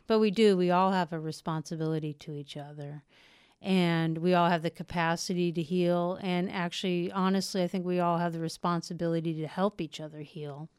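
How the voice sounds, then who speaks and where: A woman's voice: on the low side, fairly even intonation, fairly quick, a little mellow, smooth, no echo, studio quality. A middle-aged woman from Portland, a novelist, answering interview questions in an earnest, reflective way. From United States (Portland, Oregon). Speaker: novelist guest.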